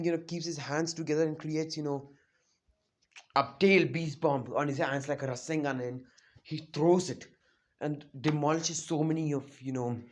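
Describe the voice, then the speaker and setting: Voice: medium pitch, a little mellow. A fan storyteller casually narrating an anime what-if plot off the cuff, rambling with many fillers and self-corrections.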